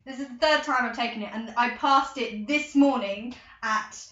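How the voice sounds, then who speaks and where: An excitable teenage girl, chatting and rambling to her camera in a casual vlog. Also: on the high side, moderate pace. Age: teens. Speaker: vlogger. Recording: echoey room, dull lo-fi sound.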